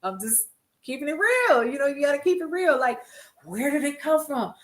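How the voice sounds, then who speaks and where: An older woman hosts a casual news stream from an echoey room. Her voice sits a little high, and she talks to her viewers in a chatty, laughing way. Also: very animated, normal speed. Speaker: host. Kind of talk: casual livestream news commentary.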